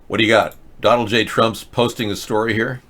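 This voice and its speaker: A man's voice: lowish voice, fairly even intonation, fairly quick, fairly bright tone. A man hosting a show, ranting sarcastically in casual political commentary. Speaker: host.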